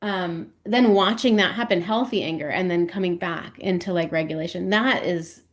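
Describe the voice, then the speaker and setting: Woman, guest expert, interview, thoughtful explanations, fillers, lowish voice. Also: moderate pace. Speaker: perinatal mental health specialist, podcast guest.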